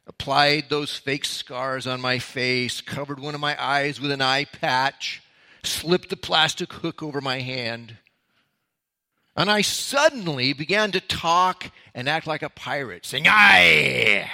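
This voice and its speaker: A man's voice: mid-range voice, takes it slowly, sharp tone. A man, a pastor, giving a conversational Bible teaching that opens with a story from his own life. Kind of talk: sermon-style Bible teaching.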